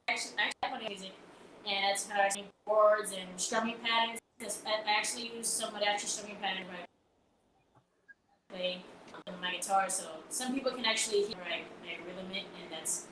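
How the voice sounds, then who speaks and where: Young woman, radio guest, rambling casual talk, noisy background, roomy sound. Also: mid-range voice. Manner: chatty, rambling with many fillers and restarts. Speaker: guest singer-songwriter.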